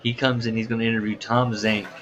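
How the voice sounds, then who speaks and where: Low-voiced man recapping with a bright edge. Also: fast. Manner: animated storyteller who laughs at his own retelling. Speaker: podcast co-host recapping wrestling shows. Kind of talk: casual podcast chat. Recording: dull, slightly lo-fi podcast audio.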